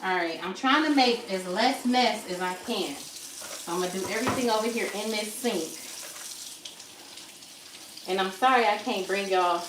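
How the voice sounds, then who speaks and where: A woman's voice: mid-range voice, normal speed, long pauses. A woman chatting casually to her viewers as she cooks in a home kitchen, talking straight to them as y'all. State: out of breath. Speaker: vlogger. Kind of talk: casual cook-with-me chat to viewers. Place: home kitchen, running water and frying. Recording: echoey kitchen with faint background noise.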